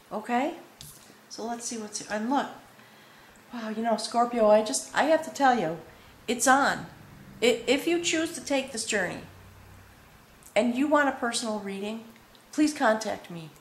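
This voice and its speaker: A woman's voice: a little high, a little hiss or hum. A woman giving a spoken tarot reading to viewers. She talks in a meandering, earnest way, often checking in with "okay?", and sounds a little choked up with emotion. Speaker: tarot reader. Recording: echoey room with faint ambience.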